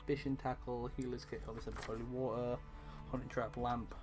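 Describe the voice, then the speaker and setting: A young man narrating as game master of a tabletop game, hesitant and full of pauses while he checks the rules. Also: medium pitch, little pitch movement, music in the background.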